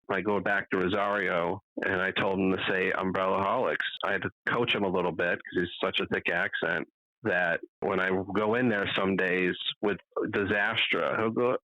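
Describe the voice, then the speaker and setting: A man with a low voice and a bright, forceful tone chats on a podcast. He tells stories full of swearing and breaks into loud impressions of other people. The sound is dry and close. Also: no echo, highs cut off. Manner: profane storyteller, mimics voices loudly. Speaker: podcast co-host. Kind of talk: casual chat.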